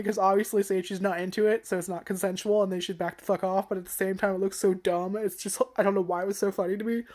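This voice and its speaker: A woman's voice: mid-range voice, a little mellow. A young woman giving an unscripted, casual anime review, rambling and giggly and swearing freely.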